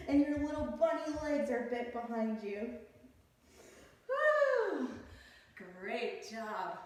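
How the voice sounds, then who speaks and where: A woman's voice: sits high, darkish tone, heavy reverb, distant mic. A woman guiding a children's yoga class, playful and encouraging as she demonstrates poses. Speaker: kids yoga teacher.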